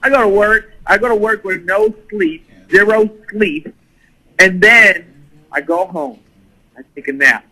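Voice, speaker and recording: A man's voice: sits high, lively intonation, unhurried, pushed and bright, poor audio. A man telling a crude, profane party story in casual talk, full of swearing and laughter. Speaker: guest storyteller.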